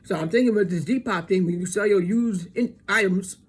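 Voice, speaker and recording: Husky-voiced man ranting as podcast host. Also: sits high. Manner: profane, conspiratorial, halting with restarts. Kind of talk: rambling solo monologue.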